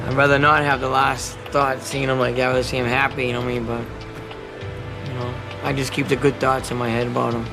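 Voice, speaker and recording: A man's voice: mid-range voice, little pitch movement, brisk, creaky, music in the background. A man and retired boxer, recalling stories in a casual interview, rambling with restarts and quoting others. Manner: rambling anecdotes with restarts and quoted dialogue.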